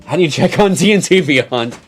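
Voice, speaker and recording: Animated man chatting on a stream. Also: a little high, breathy edge. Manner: animated, swears freely, exclaims in mock outrage. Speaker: streamer reading chat. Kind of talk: casual stream chat.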